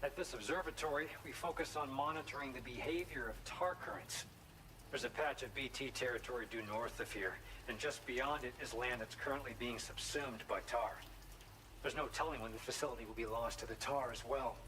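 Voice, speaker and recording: A man's voice: medium pitch, brisk, recorded from a distance, background noise, natural voice. An actor with an Australian accent playing a matter-of-fact male observatory researcher in a video game. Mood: earnest.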